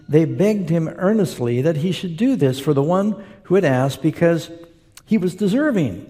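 A man preaching in a church hall, his fairly high, mellow voice trailing off into long reverb. He reads scripture aloud and breaks off for relaxed, conversational asides to the congregation. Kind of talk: sermon with scripture reading.

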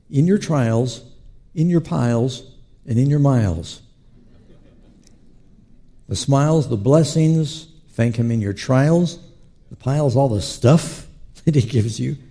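Man, pastor, sermon, very dark mellow tone, husky, acts out quotes. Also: on the high side. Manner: animated storytelling preacher who acts out quotes.

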